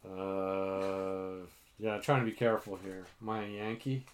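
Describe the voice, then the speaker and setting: A man's voice: deep voice, little pitch movement, measured pace, background noise. A middle-aged man hosting a casual chat with his daughter, self-mocking and full of fillers. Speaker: podcast host.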